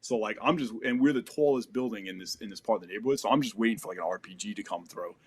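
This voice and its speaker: A man's voice: lowish voice, racing, husky. An American man in his thirties casually telling a war story as a podcast guest, acting out gunfire with sound effects.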